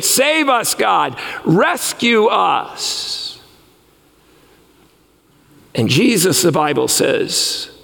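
Male preacher, high gravelly voice, impassioned delivery, long hall reverb. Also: fairly bright tone. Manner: impassioned preaching, voice rising and falling widely. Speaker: pastor. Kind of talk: sermon.

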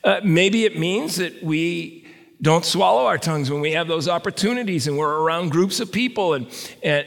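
A man's voice: sits high, creaky, a bit bright. A male pastor preaching a sermon in a conversational way with stammered restarts, recorded in a reverberant hall.

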